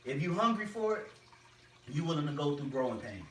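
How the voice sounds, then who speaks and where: A man's voice: on the high side, sing-song, fairly quick, fairly bright tone. Emphatic preaching man, roomy distant sound. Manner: emphatic, repetitive, uses slang. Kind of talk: preaching group discussion. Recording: roomy and distant with faint noise.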